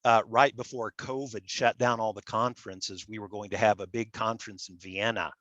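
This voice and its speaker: A man's voice: fairly low pitch, fairly even intonation, fairly bright tone, no echo, highs cut off. Nasal Midwestern man lecturing. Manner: halting, repeats words, self-deprecating. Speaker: public relations scholar. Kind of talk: academic lecture with slides.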